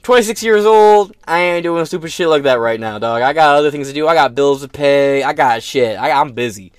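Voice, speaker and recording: A man's voice: fairly high pitch, lively intonation, a little fast, smooth, no room sound. A man hosting a podcast, ranting in crude, profane, sarcastic political commentary into a close mic. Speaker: podcast host.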